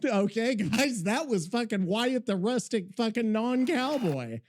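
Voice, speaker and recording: A man hosting a podcast in casual chat, rambling, excitable and swearing freely. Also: very high voice, slow. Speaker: podcast host.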